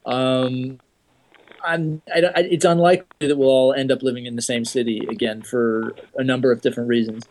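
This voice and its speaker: A man's voice: mid-range voice, steady tone, moderate pace, darkish tone, a little hiss or hum. Male podcast guest, mid voice, hesitant, reflective, filler-heavy. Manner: hesitant, thoughtful, many fillers. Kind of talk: casual podcast talk.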